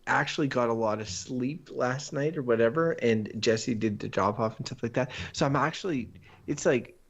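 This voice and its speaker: A Canadian man chatting casually on a podcast livestream. He rambles, laughs often and slips into quick voices when he tells a story. The sound is a little dull and lo-fi. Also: mid-range voice, husky. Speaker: podcast co-host. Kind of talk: casual chat.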